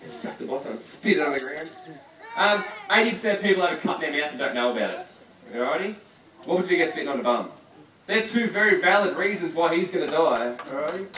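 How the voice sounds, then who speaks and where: His fairly high voice comes across pushed and bright, expressive and fast, as he presents a live reptile show and banters with the crowd and a volunteer. Captured at a distance in a large room before an audience, the audio is echoey with crowd noise.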